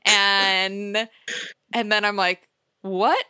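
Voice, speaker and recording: Bright, smooth-voiced woman chatting. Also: mid-range voice, measured pace, no echo, clean studio sound. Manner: chatty, laughs often, animated asides. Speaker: podcast co-host. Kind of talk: casual chat.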